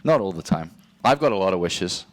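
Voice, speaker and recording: A male esports caster with a lowish voice who talks in a relaxed way. He cracks jokes and asks his co-casters playful questions. Faint hiss sits under the voice. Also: a little fast. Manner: laid-back, joking banter. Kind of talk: live game commentary.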